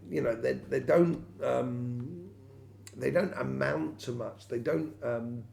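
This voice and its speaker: Gravelly man rambling through a tarot reading. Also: medium pitch, slow, darkish tone. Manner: rambling, many fillers and restarts. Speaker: tarot reader. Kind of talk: weekly tarot reading addressed to viewers.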